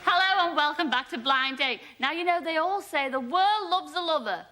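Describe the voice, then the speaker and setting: A woman's voice: high voice, animated, normal speed, loud music behind the voice. A woman hosting a light-hearted TV dating show, teasing her contestants and laughing often. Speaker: game show host. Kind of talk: light-hearted TV studio presenting. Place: TV studio with live audience. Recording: loud studio audience and noise, 1980s broadcast.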